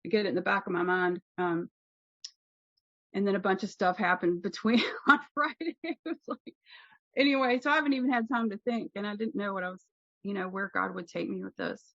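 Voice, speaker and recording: A woman's voice: mid-range voice, steady tone, fairly quick, a bit bright. A woman from Kentucky talks candidly at a recovery meeting, poking fun at herself and restarting her sentences as she goes. The recording sounds dull and a little muffled, with a dry, close feel and no room echo. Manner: candid and self-mocking, with frequent restarts and laughs. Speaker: guest speaker at a recovery meeting. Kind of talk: personal share at a speaker meeting.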